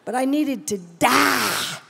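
Woman, middle-aged, preacher, sermon, personal testimony, high pitched, unhurried, animated. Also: vocal fry, breathy edge. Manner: animated, playful, shifts between exclamations and hushed tones. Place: large event hall, live audience.

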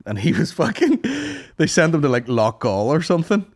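A man's voice: fairly high pitch, sing-song, a little fast. A young man with a Northern Irish accent, co-hosting a comedy podcast and telling rambling, sweary stories. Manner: rambling storyteller, swears a lot, puts on voices for quotes. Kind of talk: casual banter.

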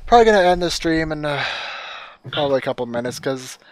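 A man's voice: fairly high pitch, expressive, fast talker. A man hosting a casual gameplay stream, wry and blunt, with dry asides and casual swearing. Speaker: streamer host.

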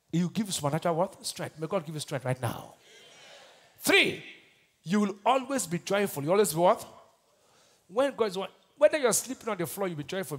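A Nigerian pastor preaching a sermon, asking the congregation to finish his lines and swinging between shouted bursts and quiet asides. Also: sits high, husky. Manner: call-and-response preaching, asks the crowd to finish his lines.

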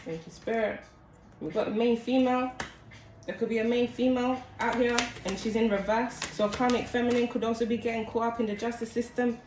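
A woman whose voice is fairly high and fairly quick does a casual tarot reading for viewers, chatting away and often calling them "guys." The space sounds echoey, with steady noise behind her.

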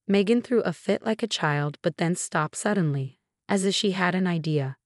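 A woman narrating a first-person story in an even, matter-of-fact way. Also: fairly low pitch, normal speed, no echo, studio quality.

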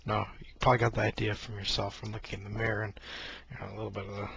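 A man's voice: lowish voice, level tone, rapid-fire, gravelly, fairly bright tone, slightly rough. A man sitting at his computer desk, rambling in a joking, self-deprecating way into a mic held close to his face. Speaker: video blogger. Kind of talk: casual rambling vlog. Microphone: close-up mic he keeps bumping.

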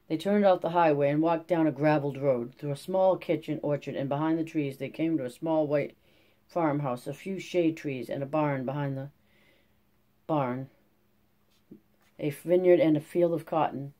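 A narrator reading a classic novel aloud for an audiobook channel. The voice is warm and mellow, and the delivery is steady, with the odd slip and restart. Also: medium pitch, normal speed.

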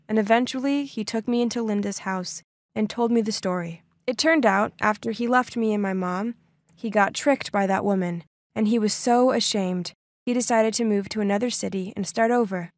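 A young woman narrating a dramatic first-person story with an expressive, animated delivery. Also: on the high side, no room sound, clean studio sound.

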